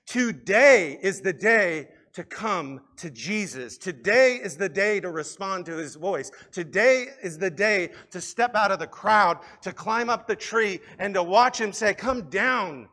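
A man preaching a sermon to a congregation, swinging between loud appeals and quiet reflection. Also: high voice, animated, unhurried, hardly any pauses. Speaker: pastor.

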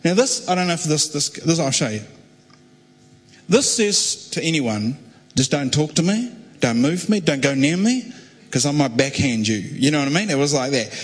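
A young man preaching a testimony, telling his story animatedly and acting out other voices, with a husky voice. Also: on the high side, moderate pace. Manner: animated, acts out quoted voices. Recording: echoey hall with long reverb.

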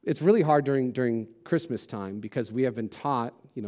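A man's voice: mid-range voice, fairly quick, mellow. A man preaching a sermon as a pastor, casual and conversational, with self-deprecating jokes and lots of "like" and "you know".

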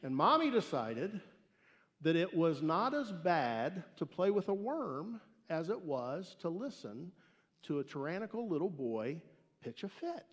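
A man preaching a sermon and telling a story, emphatic and swinging between loud declarations and hushed asides. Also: on the high side, big pitch swings, measured pace. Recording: echoey hall reverb.

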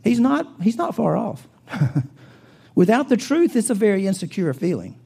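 A man preaching a sermon with an American accent, earnest and full of rhetorical questions, rising loud and then dropping to a hush. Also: high voice, very animated, measured pace, gravelly, slightly rough. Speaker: pastor.

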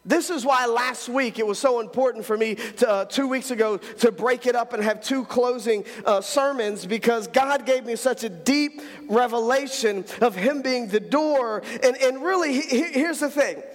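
A man's voice: extremely high pitch, moderate pace, hardly any pauses. A man preaching a fervent sermon as pastor, often repeating words as he builds emphasis, heard in a church sanctuary. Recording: long hall reverb.

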